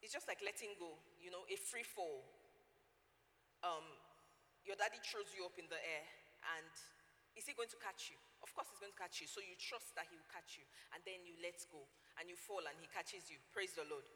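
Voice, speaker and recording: Nigerian woman preacher, bright and forceful tone, long church reverb, faint noise; emphatic delivery. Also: fairly low pitch, moderate pace. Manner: emphatic, repeats key points, engages the congregation. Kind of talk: sermon.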